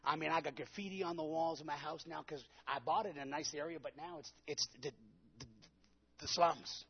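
Preacher guy, super husky gravelly voice, a bit high, acting out his story, kinda muffled lo-fi sound. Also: fairly even intonation, fairly quick. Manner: dramatic storytelling, acting out his own quotes. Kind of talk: sermon.

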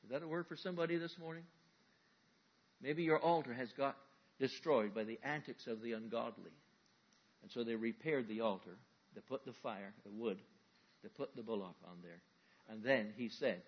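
Husky-voiced male pastor preaching. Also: mid-range voice, moderate pace, pauses often, muffled recording. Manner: folksy, conversational preaching with vivid everyday examples. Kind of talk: sermon.

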